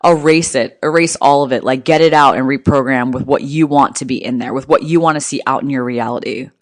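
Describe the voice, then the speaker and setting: A woman's voice: rumbling low, fairly even intonation, fairly quick, no room sound. Brief: a blunt, cursing woman speaker giving a pep talk in rhythmic, punchy lines, recorded dry and close. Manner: blunt, profane, emphatic; rhythmic, near-rhyming phrasing. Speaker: motivational speaker. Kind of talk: motivational monologue.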